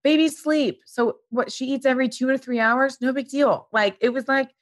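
A woman in her thirties chatting as a podcast guest, with lots of fillers and animated voices when she quotes people. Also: high voice, normal speed, no room sound, studio quality. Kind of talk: casual chat.

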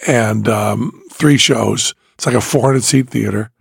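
Gravelly husky man telling rambling stories. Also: fairly low pitch, unhurried, dry recording, clean studio sound. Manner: rambling storyteller, acts out dialogue. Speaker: podcast host, magician. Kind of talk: casual chat.

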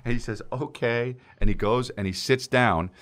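A man's voice: on the low side, brisk, a bit bright. A man co-hosting a podcast, telling a long casual anecdote full of quoted dialogue. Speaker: podcast co-host. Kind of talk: casual storytelling chat.

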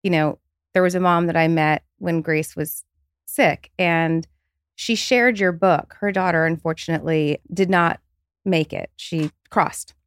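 A woman hosts a podcast interview, talking earnestly and gently and stopping to restart now and then. Her voice is fairly low, smooth and clear. The recording is dry and close. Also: fairly even intonation, unhurried, no echo. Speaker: podcast host. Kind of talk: casual interview chat.

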